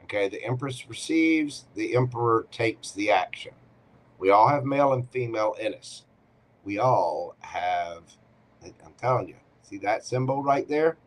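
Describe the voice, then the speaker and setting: A man's voice: medium pitch, lively intonation, measured pace. A man hosting a live tarot Q&A, giving readings in a playful, teasing way with short punchy commands.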